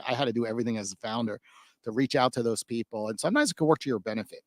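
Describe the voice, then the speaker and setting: Fast-talking male podcast host. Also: medium pitch, no echo. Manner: rambling, filler-heavy, full of "like" and "you know". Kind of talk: casual interview chat.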